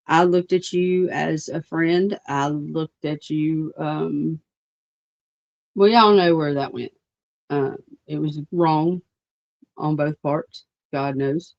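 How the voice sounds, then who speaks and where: A woman hosting a livestream rants bluntly and profanely, rambling with plenty of fillers. Her voice sits low, creaky and somewhat dark, recorded dry, with dull lo-fi stream audio.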